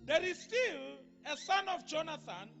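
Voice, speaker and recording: A South African man reading scripture aloud in church, slow and careful, stumbling over names. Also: very high-pitched, lively intonation, gravelly, a bit bright, in a large hall, muffled recording, soft background music.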